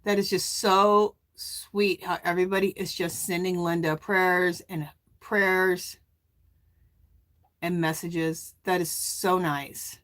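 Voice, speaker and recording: A middle-aged woman hosting a casual live stream, chatting and reading viewer comments aloud in a warm, emotional way. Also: fairly low pitch, fairly even intonation, slow. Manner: warm and emotional, near tears.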